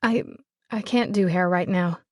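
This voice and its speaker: A woman's voice: lowish voice, unhurried, a little mellow, dry recording, studio quality, natural voice. A woman narrator voicing a polite, hesitant young woman who is short of money. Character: worried, hard-up young pregnant woman.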